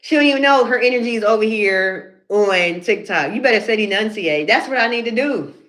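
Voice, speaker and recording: A woman's voice: a little high, lively intonation, fairly quick, fairly bright tone. A woman chatting casually on a phone live stream, laughing often and calling her viewers honey. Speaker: comedian hosting a live stream.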